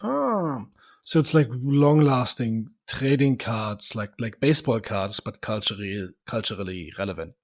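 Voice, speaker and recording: A man's voice: medium pitch, animated, measured pace. A man co-hosting a podcast, chatting casually with playful, joking asides. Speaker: podcast co-host.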